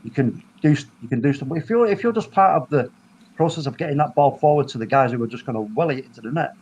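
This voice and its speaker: A man hosting a casual football chat over a video call, talking in animated, rambling bursts full of restarts. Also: medium pitch, quick pace, muffled recording, a little hiss or hum. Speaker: football podcast host.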